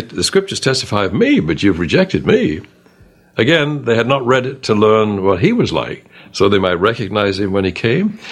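An older man teaching a Bible study in a conversational way, reading scripture aloud and commenting on it. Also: husky. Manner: reads scripture aloud and comments, rising in pitch on questions.

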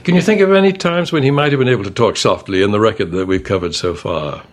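A man's voice: fairly low pitch, fast talker. A man teaching a Bible study class, reading scripture aloud with expression and putting questions to the group.

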